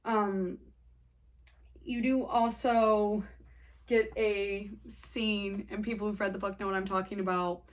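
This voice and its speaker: A woman's voice: medium pitch, little pitch movement, takes it slowly. A young woman chatting casually through a book review, rambling and saying "like" a lot.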